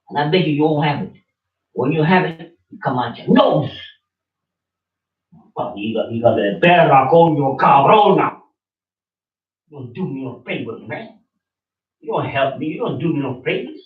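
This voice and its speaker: A man delivers a fiery sermon in a scolding, swearing manner, hammering the same phrases again and again. His voice sits fairly high and leaps up and down in pitch. He sounds distant and muffled, caught in an echoey room. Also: lively intonation, normal speed, long pauses. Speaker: preacher.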